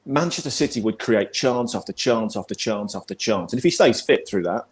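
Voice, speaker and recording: On a video call, an English-accented football pundit in his forties rambles through a casual, chatty conversation, often repeating words. He speaks a little fast in a lowish voice with lively intonation.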